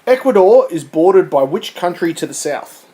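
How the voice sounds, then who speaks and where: A man's voice: high-pitched, very animated, normal speed, mellow, low-quality recording. Man, quiz host, casual teasing banter, slightly raised voice. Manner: teasing, laughs often. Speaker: podcast co-host reading quiz questions.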